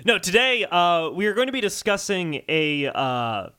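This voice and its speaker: A man's voice: high voice, measured pace, clear, resonant tone. A man hosting a comedy music podcast, joking and laughing as he chats casually. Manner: joking, animated, laughs often. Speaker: podcast host.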